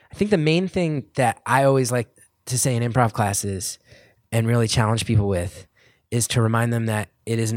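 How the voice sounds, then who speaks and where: A man's voice: mid-range voice, no echo, studio quality. Earnest man with a slightly cracking voice. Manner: earnest, rambling, with restarts when speaking off the cuff. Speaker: author at a book event. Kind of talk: reading aloud from his book, then audience Q&A. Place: live event before an audience.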